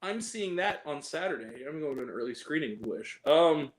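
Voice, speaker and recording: A man's voice: fairly high pitch, animated, normal speed, reverberant. A man hosting a movie review podcast, chatting casually in a rambling, profane way, full of fillers and giggles. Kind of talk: casual chat.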